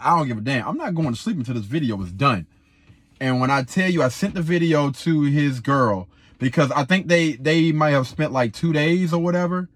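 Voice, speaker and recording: Animated young man telling a story. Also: fairly high pitch, dry recording, studio quality. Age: 20s. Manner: animated, slangy, repeats himself. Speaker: videographer. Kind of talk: casual storytelling.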